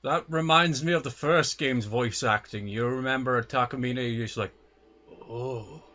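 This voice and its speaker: A man's voice: medium pitch, moderate pace, pushed and bright. A man with an American accent giving casual let's play commentary, rambling with lots of "like" and "uh". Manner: rambling, full of "like" and "uh". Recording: dull lo-fi mic with clear noise.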